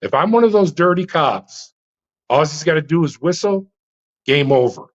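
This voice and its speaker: Animated storytelling man, slightly muffled. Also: a little high, normal speed. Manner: frequent fillers and restarts, dramatic retelling. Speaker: interview guest, former prison officer.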